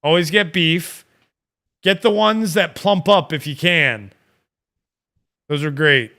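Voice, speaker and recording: A man from Northern Illinois hosts a laid-back watch-party stream, chatting about food with easy enthusiasm and the odd swear. His voice is bright and smooth, pitched a bit high, and he talks at an unhurried pace. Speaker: stream host. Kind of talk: casual chat.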